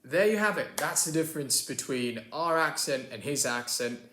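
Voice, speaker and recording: A man's voice: a little high, animated, moderate pace, fairly bright tone, echoey room, slight background noise. A man with a southern English accent, casually explaining how he pronounces words in an accent lesson. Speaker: guest explaining his accent.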